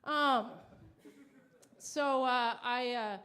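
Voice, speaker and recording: A woman performing a stand-up comedy set on stage, deadpan and self-mocking, acting out little quoted exchanges. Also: a little high, extremely slow. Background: audience laughter.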